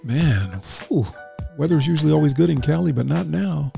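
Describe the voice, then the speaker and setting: A man's voice: on the high side, expressive, moderate pace, vocal fry, mellow. A man hosting a live radio and stream show, chatting casually with listeners and laughing at his own jokes. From North Carolina. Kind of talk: casual live show chat with chat roll call. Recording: music playing behind the voice.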